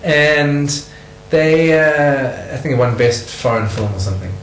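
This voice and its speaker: A man's voice: medium pitch, a little slow, reverberant, slight background noise, low-quality recording. South African man telling stories animatedly. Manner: animated storyteller, laughing often. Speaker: interviewee. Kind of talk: casual interview chat.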